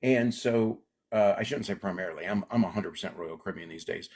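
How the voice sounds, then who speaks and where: A middle-aged comedian raised in Alaska chats casually as an interview guest, his lowish, husky voice moving briskly. He's an animated storyteller who acts out the voices of the people he quotes.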